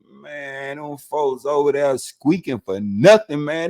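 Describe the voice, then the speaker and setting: A man telling his own prison story in a casual, animated way, dropping "man" after nearly every phrase. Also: fairly high pitch, takes it slowly.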